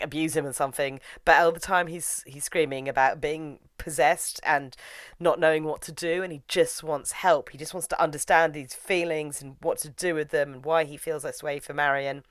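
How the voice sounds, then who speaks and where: A woman's voice: deep voice, fairly bright tone, no room sound, studio quality. A woman casually recapping a story's plot in a chatty way, full of "like" and "you know". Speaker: reviewer.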